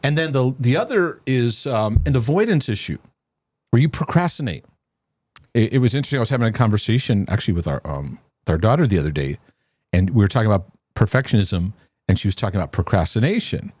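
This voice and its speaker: A man hosting a casual talk show with his wife, animated, often repeating words and restarting. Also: lowish voice, fast talker, no room sound. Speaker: host.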